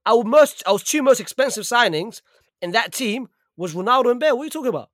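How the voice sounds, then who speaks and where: A man's voice: very high voice, lively intonation, fast, fairly bright tone, no room sound, studio quality. A man in a heated casual podcast debate, insistent and argumentative, repeating his points. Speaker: podcast panelist, Real Madrid fan.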